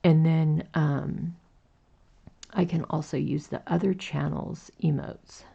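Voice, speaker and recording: A woman in her forties hosts a crochet livestream, talking in a slow, gentle, chatty way with lots of little fillers as she reads out the chat. Her voice is very low, gravelly and raspy, with a warm, dark tone. The stream audio sounds dull and lo-fi. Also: steady tone. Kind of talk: casual chat while crocheting.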